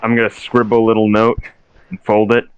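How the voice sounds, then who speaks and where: A man's voice: lowish voice, monotone, brisk, clear, resonant tone. A man playing a tabletop game, joking and hesitant as he declares actions. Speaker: player. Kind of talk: casual tabletop play. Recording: dull lo-fi dry audio.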